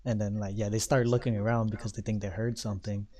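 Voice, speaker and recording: Man narrating a tabletop game, halting. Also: fairly low pitch, level tone, mellow. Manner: loose, halting narration with many fillers. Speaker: game master.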